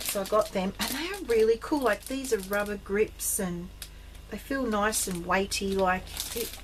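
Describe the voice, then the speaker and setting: An Australian woman chatting casually in a rambling vlog about her craft finds, full of ums, with bursts of excitement. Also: medium pitch, background noise. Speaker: craft vlogger.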